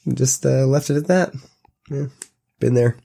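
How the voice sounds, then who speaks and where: A man's voice: medium pitch, normal speed, gravelly, warm tone. Laid-back man bantering, laughing. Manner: laid-back, laughs often, hesitant with fillers. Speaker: podcast co-host. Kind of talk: casual banter.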